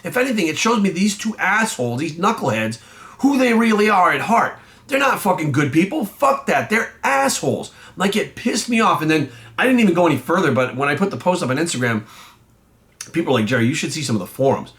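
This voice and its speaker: He's a bodybuilding coach and vlogger whose voice sits on the high side, sing-song, brisk, and a bit bright. Facing the camera, he rants bluntly, swearing a lot and getting angrier.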